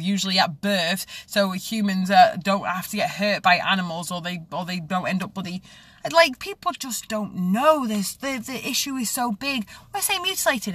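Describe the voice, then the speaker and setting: A woman's voice: medium pitch, fairly bright tone, no echo. A woman ranting to camera in an emphatic, exasperated vlog. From Northwich, England. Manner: emphatic and exasperated, rapid-fire. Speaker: vlogger.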